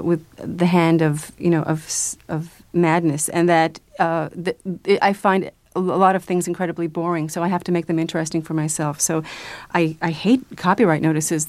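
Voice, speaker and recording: A woman's voice: sits low, darkish tone, no room sound. Hesitant woman guest, dry studio sound. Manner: hesitant, many restarts and fillers, laughs easily. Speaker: guest, children's book author and illustrator. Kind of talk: radio interview.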